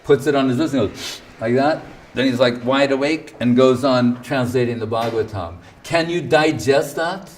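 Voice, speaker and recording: A man's voice: mid-range voice, normal speed, distant mic, a little hiss or hum. A man giving a spiritual talk in a conversational storytelling manner, full of rhetorical questions and acted-out quotes. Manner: acts out quoted speech. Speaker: spiritual teacher. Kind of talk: storytelling lecture.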